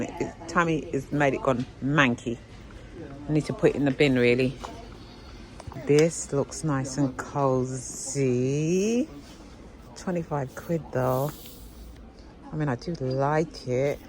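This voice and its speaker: A woman's voice: rumbling low, rough recording. A woman chatting to viewers about what she finds while shopping, exclamatory and talkative. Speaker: vlogger. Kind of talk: casual shopping vlog chat. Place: indoor shop.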